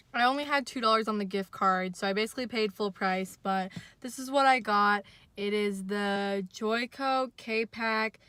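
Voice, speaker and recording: A young woman chatting casually to the camera in her car, self-mocking and chatty, her voice jumping higher when she gets excited. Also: dry recording. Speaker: vlogger. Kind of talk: casual vlog chat.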